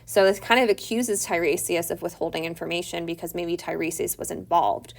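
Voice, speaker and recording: This teacher's voice is low-leaning and gravelly, brisk, with fairly even intonation. Casually summarizing a play for her class, she chats along with many "like" fillers and retells the characters' lines conversationally.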